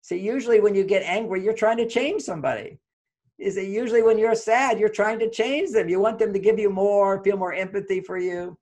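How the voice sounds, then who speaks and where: Man, high voice, relationship therapist, earnest advice talk, repetitive explanations. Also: a little fast, a little mellow. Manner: earnest, explanatory, repeats key phrases.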